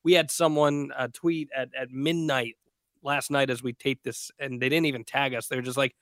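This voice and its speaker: A man hosting a podcast, talking in an upbeat, chatty way and quick to laugh. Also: medium pitch, fairly even intonation, fairly bright tone, dry recording, clean studio sound. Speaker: podcast host. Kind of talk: casual podcast chat.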